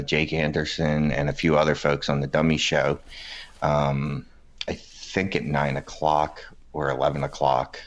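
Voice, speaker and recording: Very deep-voiced joking co-host, man. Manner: joking, deadpan teasing. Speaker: podcast co-host. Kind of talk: casual podcast chat. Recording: dull lo-fi sound.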